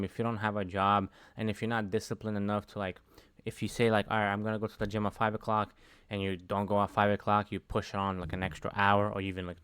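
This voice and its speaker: A man's voice: on the low side, fairly bright tone, smooth, dry recording. A man giving a casual talking-head lesson on trading, speaking conversationally and tagging his sentences with "right?". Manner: conversational, keeps adding "right?" tags. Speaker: trading educator.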